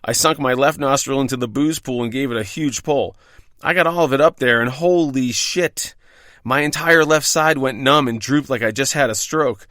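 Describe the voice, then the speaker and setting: Wry, profane male storyteller, bright voice. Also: medium pitch, a little fast, no room sound, studio quality. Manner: profane, wry, self-deprecating. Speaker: podcast host telling his own bartending stories. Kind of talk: scripted first-person storytelling.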